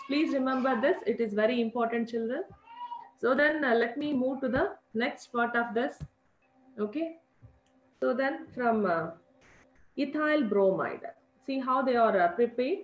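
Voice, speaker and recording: A middle-aged woman with an Indian English accent teaching a chemistry lesson, repeating key points and calling her students children. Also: fairly high pitch. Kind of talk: classroom lecture. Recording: echoey lo-fi room recording.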